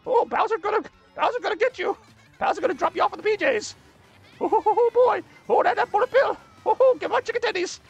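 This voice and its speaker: A wildly high-pitched, cackling gamer buddy who whoops and taunts everyone. The voice is shrill and rowdy, with a faint thread of music underneath. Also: male voice, animated, fast talker, gravelly, dull audio, heavily acted. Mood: rowdy taunting.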